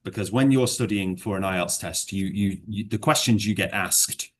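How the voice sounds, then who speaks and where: A man with a deep, low voice tutors a learner in a relaxed one-to-one lesson. He rambles and hedges, leaning on fillers, then settles into explaining with worked examples. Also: moderate pace, slight background noise. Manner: rambling, hedging, full of fillers. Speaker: English exam teacher.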